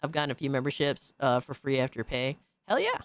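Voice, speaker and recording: A male streamer hosting his show, ranting bluntly and heaping profane mockery in a slangy, casual way. His voice sits at an ordinary middle pitch and sounds dry and close. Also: very animated, a little fast, no room sound. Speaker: streamer host.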